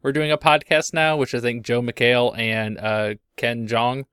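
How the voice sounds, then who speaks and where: A young man talks casually on a podcast, laughing and telling stories with animation. His voice is bright and sits close and dry on the mic. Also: medium pitch, level tone, a little slow, smooth, no room sound. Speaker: podcast co-host. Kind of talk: casual chat.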